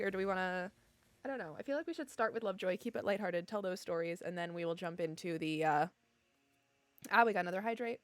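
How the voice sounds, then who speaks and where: A woman's voice: lowish voice, quick pace, no echo, faint music behind. A young adult woman streaming from home, chatting casually with her viewers in a giggly, easily emotional way. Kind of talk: casual chat with live viewers. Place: home room.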